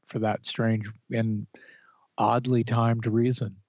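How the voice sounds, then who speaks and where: A man of average pitch chatting eagerly as a podcast co-host, full of excited back-and-forth. The audio is dull and dry, like a lo-fi recording. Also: slow pace, no room sound. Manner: eager, with many fillers and restarts. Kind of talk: casual chat.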